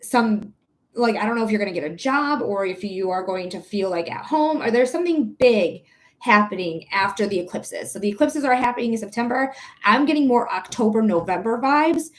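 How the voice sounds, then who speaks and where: A woman's voice: mid-range voice, expressive, a little fast. A woman from the Detroit area with a Detroit accent, chatting casually and giggling as she hosts a live psychic reading stream, sleep deprived. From Metro Detroit, Michigan. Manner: chatty, giggly, thinks out loud. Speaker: psychic reader and livestream host.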